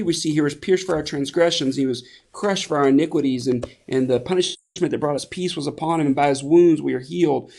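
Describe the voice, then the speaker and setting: Gravelly man preaching casually. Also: medium pitch, darkish tone. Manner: conversational, many restarts and fillers. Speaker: pastor. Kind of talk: sermon.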